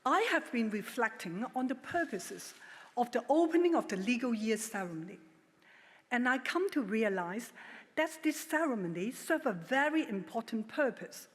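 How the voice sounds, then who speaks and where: A middle-aged woman giving a formal prepared speech at a legal ceremony, measured and emphatic with a touch of dry humor. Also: a little high. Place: large ceremonial hall. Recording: long hall reverb.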